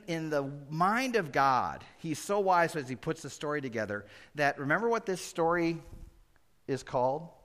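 Man, pastor, bright tone; lively verse-by-verse preaching that drops to quiet asides. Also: mid-range voice. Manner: animated, swings between loud and hushed; acts out Bible characters conversationally. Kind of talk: expository sermon.

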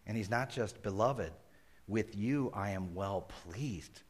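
A man with a low voice preaches a sermon. He mixes folksy jokes with earnest scripture reading. His delivery swells to loud, emphatic peaks and then sinks to hushed, almost whispered lines. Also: slow pace, a little hiss or hum. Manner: folksy asides and humor. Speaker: pastor.

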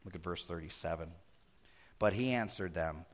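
A man preaching a verse-by-verse sermon as pastor, animated and conversational, swinging between loud emphasis and hushed asides. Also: low-pitched, moderate pace. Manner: acts out Bible characters conversationally. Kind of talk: expository sermon.

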